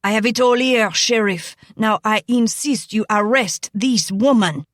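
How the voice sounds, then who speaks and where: A woman's voice: medium pitch, a little slow, dry recording, studio quality, natural voice. A woman voicing an irate, demanding Frenchman who rants at a lawman. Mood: ranting. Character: irate smaller Frenchman, ranting land claimant.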